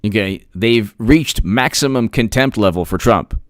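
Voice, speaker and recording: A man giving solo political commentary, excitable and sarcastic, talking straight to the viewers and laughing at his own jokes. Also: on the low side, measured pace, no echo, studio quality.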